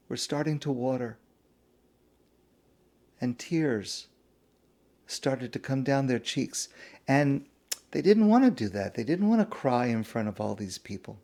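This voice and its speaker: A man, a rabbi, telling a story in a sermon, slow and hushed with dramatic pauses. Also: mid-range voice.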